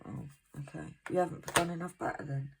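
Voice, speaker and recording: A middle-aged woman from England chatting casually to her viewers at home, self-mocking and quick to laugh. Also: deep voice, creaky, heavy background noise. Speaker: craft vlogger.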